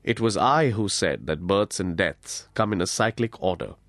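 A serene divine lord speaks gently and calmly, consoling the listener, as a man voices him in an audiobook. His voice sits fairly low and stays measured and soothing. The recording is dry and close-miked. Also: no echo. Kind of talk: audiobook character voice.

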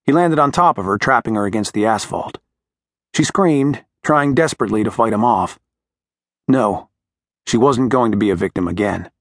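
A man reads a suspense novel aloud in a measured, dramatic narration. His voice sits on the low side, and the studio recording is close and dry. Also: a bit bright, no room sound. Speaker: audiobook narrator. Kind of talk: scripted narration.

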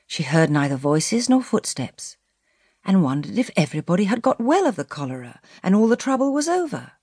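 A woman reads a classic story aloud with lively, expressive storytelling. Her pitch sits a little low but moves freely up and down, stretching out key words. The recording is dry and close. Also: husky, dry recording. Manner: expressive storytelling, slows for emphasis. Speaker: audiobook narrator. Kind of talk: scripted narration of a classic novel.

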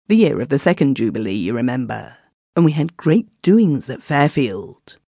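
A woman's voice: very deep voice, mellow, no echo. A woman narrating a classic story in the first person as a villager, recorded on a close studio mic. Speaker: audiobook narrator.

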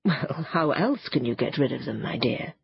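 A woman's voice: a bass voice, animated, normal speed, creaky, husky, no room sound, lo-fi sound, pitched below the performer's own voice, heavily acted. A woman voicing a mild, wry father.

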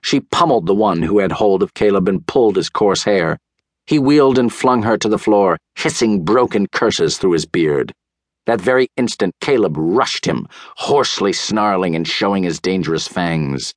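A man narrating a children's audiobook in a measured, unhurried storytelling manner, on a close studio mic. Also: deep voice, expressive, no echo.

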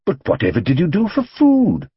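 A man playing a cautious middle-aged father in a storybook, hesitant and fussy, stumbling over his words. His husky voice swings up and down a great deal. The recording is dull and dry. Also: on the high side, wildly swooping pitch, normal speed, no echo, voice pushed up, exaggerated voice. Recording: dull, dry studio audiobook read.

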